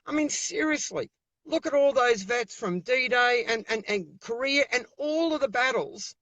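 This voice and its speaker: A man's voice: very high-pitched, expressive, unhurried, pushed and bright, no room sound. An Australian man speaking over a video call as an interview guest, giving fiery, emphatic political talk and repeating himself when worked up.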